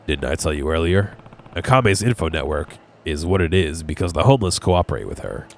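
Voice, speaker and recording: A man's voice: extremely low pitch, lively intonation, brisk, slight background noise. A congested man reading game dialogue aloud at a desk microphone, with casual jokey asides. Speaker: let's play gamer. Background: faint game music.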